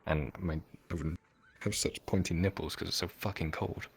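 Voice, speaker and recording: A naive commoner voiced by a man with a very low voice. He speaks bluntly and crudely and trips over long words. The scene is a live fantasy roleplay. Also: steady tone, normal speed, vocal fry, breathy edge, heavily acted. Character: naive, plain-spoken male commoner, cold and blunt. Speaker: roleplay player.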